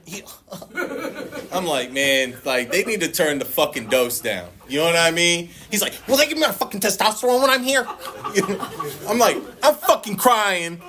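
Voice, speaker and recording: A man's voice: mid-range voice, a bit bright. A man speaking at a recovery meeting, sharing his personal testimony in a blunt, profane, storytelling way and acting out other people's lines.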